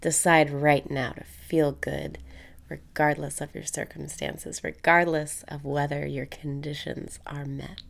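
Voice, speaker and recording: This low-voiced woman leads a guided meditation at a measured pace, staying calm yet blunt. Breathing cues come again and again, casual swearing is sprinkled in, and at times her voice drops to a breathy whisper.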